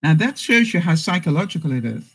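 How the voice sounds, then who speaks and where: A woman's voice: low-pitched, big pitch swings, quick pace, husky, rough recording. A woman hosting a casual live stream, reading out jokes and viewer comments and laughing often.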